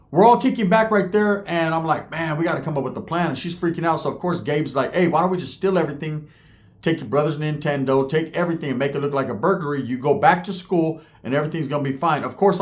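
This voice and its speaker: Animated man telling street stories. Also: on the high side. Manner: animated, profane, heavy slang. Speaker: storyteller host. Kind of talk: casual street storytelling.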